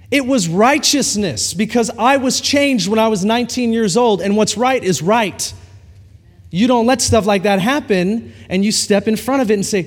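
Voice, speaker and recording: A male pastor preaching a sermon to a congregation, telling a story with lively acted-out dialogue. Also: high-pitched, moderate pace. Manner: animated storytelling preacher, acts out quoted dialogue. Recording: long hall reverb.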